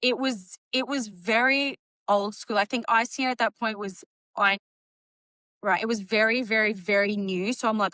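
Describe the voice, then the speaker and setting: A woman in her late thirties or older, a guest telling her story in casual podcast chat, acting out quotes with a lively laugh. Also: mid-range voice, moderate pace, no room sound. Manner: animated, acts out quotes, laughs often. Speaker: guest, bodybuilding champion.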